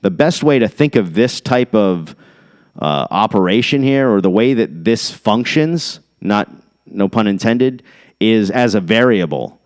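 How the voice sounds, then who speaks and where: A middle-aged man hosts a casual podcast monologue, thinking aloud and hopping from one topic to the next. His voice sits low and sounds smooth and clear. Now and then he reads a definition straight off the screen. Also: animated, a little slow. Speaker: podcast host.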